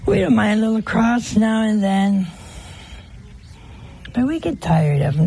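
A woman's voice: medium pitch, very animated, measured pace, vocal fry, warm tone, slight background noise, low-quality recording. A woman giving a homely, conversational sermon, teasing her listeners with rhetorical questions. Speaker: religious teacher.

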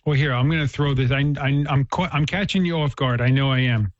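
In casual conversation, a man earnestly explains ideas about faith and tells a story, his medium-pitched voice moving fairly quickly and often restarting sentences. The lo-fi recording sounds dull and dry, with no room sound.

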